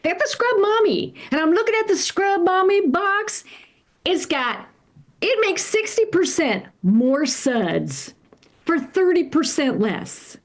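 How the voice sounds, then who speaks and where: High-voiced middle-aged lady doing standup, lively, talks to the crowd, giggles at her own jokes. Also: slow. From California. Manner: chatty, addresses the crowd, laughs at own jokes. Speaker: stand-up comedian. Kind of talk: stand-up comedy set.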